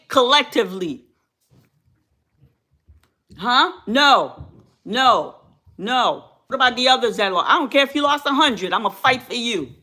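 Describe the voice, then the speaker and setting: Fiery, bright-voiced woman channel host. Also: sits high. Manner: fiery, preachy, repeats phrases for emphasis. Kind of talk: impassioned commentary to viewers.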